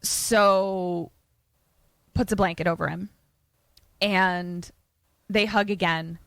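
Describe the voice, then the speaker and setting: A woman's voice: on the low side, fairly even intonation, slow, creaky, fairly bright tone, no echo. Young woman podcast host retelling a horror movie, chatty, swears a lot, dry close mic. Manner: chatty and profane, with many fillers. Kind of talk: casual film recap.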